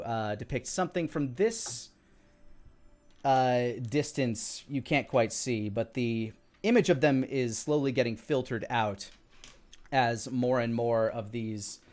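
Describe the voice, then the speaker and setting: A man's voice: medium pitch, a little mellow. A man narrating a tabletop game as dungeon master, describing scenes with frequent fillers.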